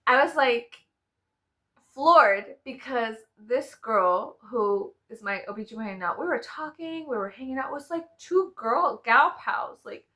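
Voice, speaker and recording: A high, lively young woman chatting straight to her subscribers, her bright voice jumping up and down as she laughs through a story. She swears freely and mocks herself with big dramatic flourishes. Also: unhurried. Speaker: vlogger. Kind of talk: casual storytime chat to subscribers.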